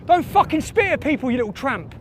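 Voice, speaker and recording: A man's voice: very high-pitched, big pitch swings, fast talker, fairly bright tone. A man with an aggressive, swearing manner, confronting a stranger outdoors on a phone camera. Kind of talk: heated street confrontation. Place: outdoor car park.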